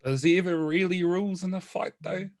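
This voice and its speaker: A man's voice: high-pitched, fairly even intonation, a little fast, pitched above the performer's own voice. A man voicing a laid-back adventurer character in a tabletop game, talking in an easygoing, chummy way. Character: laid-back male adventurer with Māori slang.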